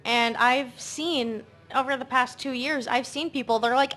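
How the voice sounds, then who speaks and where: Woman, high voice, podcast co-host, casual chat, animated delivery. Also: normal speed, hardly any pauses. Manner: animated, mimics people with a put-on Valley Girl voice.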